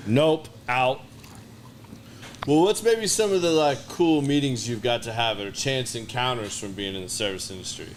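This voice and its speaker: A man hosting a casual podcast interview, relaxed and reactive, swearing offhandedly. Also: medium pitch, moderate pace, a little hiss or hum. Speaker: podcast host.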